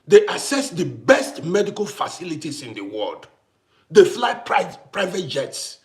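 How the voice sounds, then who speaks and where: A man from Africa rants straight to camera in a high, swooping voice. He fires off rhetorical questions and circles back over the same points again and again for emphasis. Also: very animated, unhurried. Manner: ranting, rhetorical questions, repeats himself. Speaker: vlogger. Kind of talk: impassioned monologue to camera.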